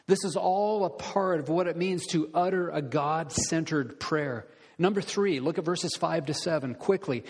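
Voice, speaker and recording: A man preaching an earnest, deliberate sermon as pastor, putting direct questions to his listeners. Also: on the high side, darkish tone, breathy edge. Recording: long reverb of a large hall.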